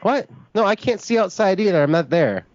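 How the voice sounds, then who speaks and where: A man's voice: high-pitched, sing-song, a little fast, a little mellow, no room sound. A man making a prank phone call, stammering and indignantly confused. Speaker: prank caller.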